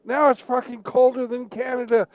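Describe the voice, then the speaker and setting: A man's voice: very high-pitched, level tone, normal speed, dry recording, dull audio, voice pushed up. A man voicing Satan in a joke, exasperated and swearing. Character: angry male Satan, baffled and cursing.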